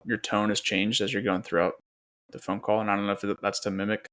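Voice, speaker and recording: A man with a somewhat low voice, co-hosting a podcast. He talks in a relaxed, easygoing way and often restarts his sentences as he works out a thought. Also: quick pace. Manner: easygoing, thinks aloud with restarts. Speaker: podcast co-host. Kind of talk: casual podcast chat.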